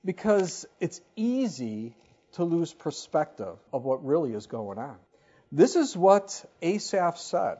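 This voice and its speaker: Husky-voiced preacher in their 50s, swoops up and down a lot, muffled lo-fi sound. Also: medium pitch, slow pace. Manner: animated, conversational preaching with rhetorical questions. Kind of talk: sermon. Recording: dull lo-fi recording.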